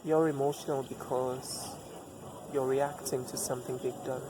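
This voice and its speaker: A man's voice: medium pitch, moderate pace. A man giving relationship advice in a reflective personal monologue, repeating himself for emphasis and asking rhetorical questions. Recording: steady background noise.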